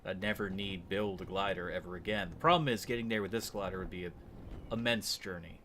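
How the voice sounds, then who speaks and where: Low-voiced man musing through gameplay. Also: a little fast, a bit bright, slight background noise. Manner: rambling, enthusiastic, musing aloud. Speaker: streamer. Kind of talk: casual gameplay commentary.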